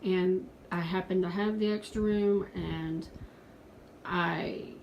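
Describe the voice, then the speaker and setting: A woman's voice: fairly low pitch, steady tone, slow pace, highs cut off, a little hiss or hum. A woman in her forties talking earnestly in a casual home video from her pet room, pleading with viewers at points. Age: 40s. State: out of breath. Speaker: pet vlogger.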